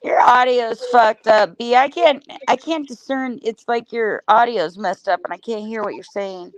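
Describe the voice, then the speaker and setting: A woman's voice: fairly high pitch, normal speed, dull audio. A woman hosting a livestream, chatting casually and greeting viewers by name. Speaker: livestream host. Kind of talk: casual group voice chat.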